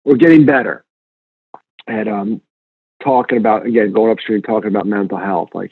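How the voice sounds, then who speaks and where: Earnest husky man on a tinny line. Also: fairly low pitch, moderate pace, long pauses, no echo. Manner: earnest, animated storyteller, emphatic repetition. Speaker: guest speaker. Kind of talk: conversational interview. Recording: tinny phone-line sound.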